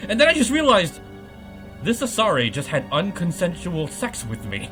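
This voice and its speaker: A man's voice: sits high, huge pitch swings, normal speed, over music. A man hosting a podcast, giving a comedic, profane recap of a game plot and laughing often. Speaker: podcast host.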